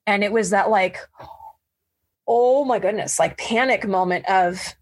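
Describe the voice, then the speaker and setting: A woman telling a personal story in a casual, animated way, laughing and jumping up high when she quotes her own thoughts. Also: measured pace, poor audio. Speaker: guest sharing adoption story.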